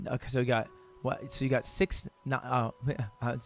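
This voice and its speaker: A young man streaming himself solving math drills, reading questions aloud fast, muttering counts and shouting in frustration. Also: medium pitch, flat delivery. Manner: frustrated outbursts, reads questions aloud fast, counts under his breath. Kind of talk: live-stream commentary while solving math problems.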